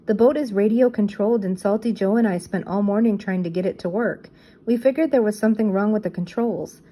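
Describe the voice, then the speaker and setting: A woman's voice: mid-range voice, fairly quick, mellow, lightly acted. Storybook uncle, middle-aged, good-natured, read by a woman.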